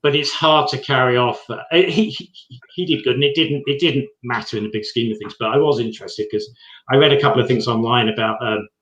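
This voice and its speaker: A man's voice: mid-range voice, fairly quick, fairly bright tone. A British man from England, co-hosting a casual TV chat and talking hesitantly with many restarts. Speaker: co-host. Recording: roomy, dull lo-fi sound.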